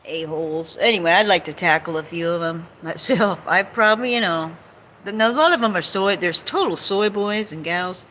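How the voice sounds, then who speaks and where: A woman's voice: lowish voice, normal speed, pushed and bright, a little hiss or hum. A woman vlogging from home in a rambling casual chat, sarcastic and swearing, jumping between topics and mocking people in put-on quotes. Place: home, on couch or bed.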